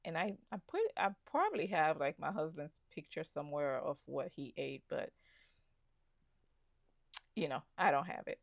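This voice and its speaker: Gravelly low-voiced woman vlogger. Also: animated, moderate pace, long pauses, no room sound, clean studio sound. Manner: chatty, storytelling with asides. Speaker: travel vlogger. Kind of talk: casual travel vlog narration.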